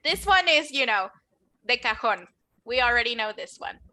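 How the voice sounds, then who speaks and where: In a classroom lesson, a woman with a fairly high, bright, forceful voice teaches English, speaking expressively at a moderate pace as she models words for students to echo and encourages them.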